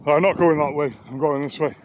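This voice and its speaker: A man's voice: a little high, fairly even intonation, fairly quick, muffled recording, slight background noise. A man, chatting casually to camera on a walk through an open nature reserve and grumbling a little between remarks. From Wales. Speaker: vlogger and sound therapist. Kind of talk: casual walk-and-talk vlog.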